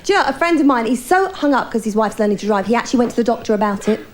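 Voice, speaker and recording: High-voiced woman doing bawdy stand-up. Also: expressive, very fast, heavy background noise. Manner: bawdy, chatty storytelling aimed at the crowd. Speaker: stand-up comedian. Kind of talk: stand-up comedy routine.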